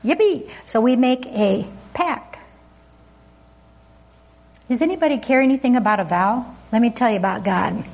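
Woman preacher with a husky, higher voice, chatty and laughing between points. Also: moderate pace, pauses often, a little mellow. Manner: chatty, laughing often, asking the congregation questions. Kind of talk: informal sermon.

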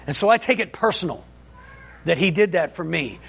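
A man's voice: fairly high pitch, lively intonation, a little fast, gravelly, a bit bright, slightly rough. A man preaching in a folksy, fervent way, telling a personal testimony with frequent amens and restarts. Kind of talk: informal sermon testimony.

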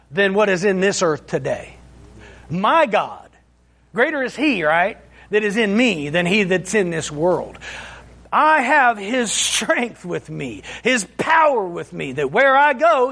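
A man's voice: sits high, vocal fry, a bit bright, husky. A man preaching in a folksy, fervent way, telling a personal testimony with frequent amens and restarts. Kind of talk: informal sermon testimony.

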